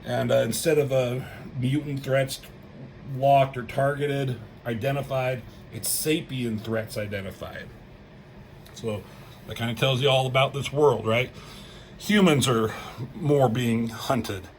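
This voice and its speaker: A man giving a casual, rambling comic book review, excited and swearing freely as he acts out lines. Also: mid-range voice, unhurried, slight background noise, poor audio.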